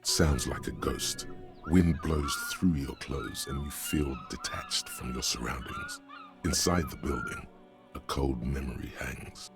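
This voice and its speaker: An actor voicing a brooding, ominous narrator in a video game, speaking in a slow, solemn, descriptive way with a deep, gravelly voice. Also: male voice, wildly swooping pitch, exaggerated voice. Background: faint game music.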